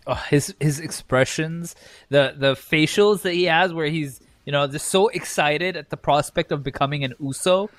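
A man co-hosting a casual wrestling chat, excitable and animated, acting out his own reactions and swearing freely. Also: a little high, normal speed, dry recording. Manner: excitable, acts out reactions with shouted quotes. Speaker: podcast co-host.

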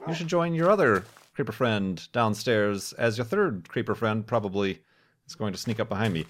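A man's voice: medium pitch, lively intonation, normal speed. A young man hosting a game series, giving casual, chatty commentary with playful, mock-formal asides.

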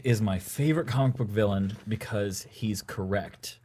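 A man's voice: lowish voice, normal speed, a little mellow, breathy edge. A man co-hosting a casual podcast chat, enthusiastic and often repeating words as he thinks. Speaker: podcast co-host.

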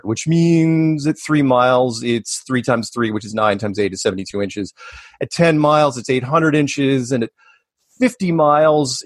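A man being interviewed as a guest, talking casually in a rambling, animated way with many restarts and asides. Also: mid-range voice, no room sound, clean studio sound. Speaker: podcast guest.

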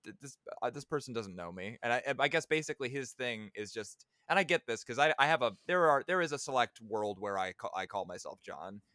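A man's voice: medium pitch, lively intonation, fairly quick, hardly any pauses, pushed and bright, no echo, clean studio sound. A man co-hosting a casual movie review podcast, rambling and playfully analytical. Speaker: podcast co-host.

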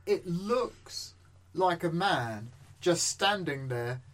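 A man's voice: fairly high pitch, lively intonation, very slow, a bit bright. Dry, rambling man in a comedy chat. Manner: dry, rambling, stumbling restarts. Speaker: podcast co-host. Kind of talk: casual comedic review chat.

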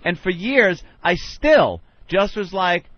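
Loud-mouthed guy on a radio show, swears a lot, slightly high voice, muffled lo-fi sound. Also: lively intonation, slow, no echo. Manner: brash, profane storytelling. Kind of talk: crude banter on a radio show. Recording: dull lo-fi radio broadcast.

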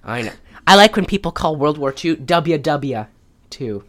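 A woman's voice: deep voice, expressive, measured pace, a bit bright. A woman hosting a podcast, recapping a film in casual chat and rambling with many fillers. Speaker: podcast host.

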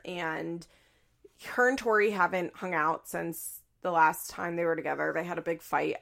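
Brief: young woman, casual recap host, vocal fry, lively and quick with impressions. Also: fairly low pitch. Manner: chatty and animated, acting out quotes in shrieky voices. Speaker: podcast host recapping a reality show.

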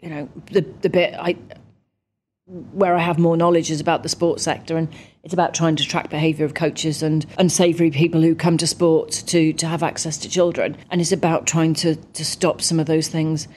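A woman from the UK, a guest in a conversational interview, chatty and lively when telling stories. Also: low-pitched, moderate pace, a little hiss or hum. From United Kingdom. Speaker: interview guest, parliamentarian and ex-athlete.

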